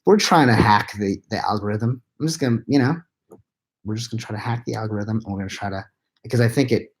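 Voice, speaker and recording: A tired man, likely in his thirties, answering live chat questions into a laptop at home at night, keeping his voice hushed and rambling with quiet self-mocking laughs. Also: lowish voice, quick pace. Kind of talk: late-night live chat Q&A, half-whispered. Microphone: laptop mic.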